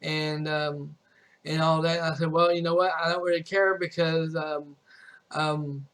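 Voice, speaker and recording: A young man with a high voice tells a personal story on his stream. He rambles, restarts his sentences and swears freely as he goes. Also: level tone, unhurried, a bit bright. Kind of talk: casual storytelling.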